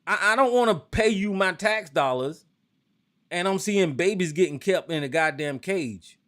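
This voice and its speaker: Fired-up cursing call-in host, man. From United States. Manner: heated, cursing, drawls lower and slower when calm. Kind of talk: profane political rant and call-in talk.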